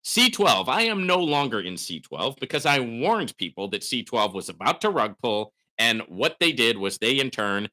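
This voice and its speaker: A man hosting a live question-and-answer chat, animated and prone to sudden hollering, tagging his points with "right?". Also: medium pitch, moderate pace, few pauses. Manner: animated, hollering bursts, calls viewers bro; frequent "right?" tags. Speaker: host.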